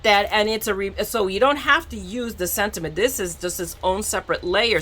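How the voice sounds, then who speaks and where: A woman's voice: mid-range voice, bright, forceful tone, slight background noise. A woman from southern Florida chatting casually as she unboxes craft supplies, rambling and self-mocking, with frequent restarts. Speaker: craft vlogger.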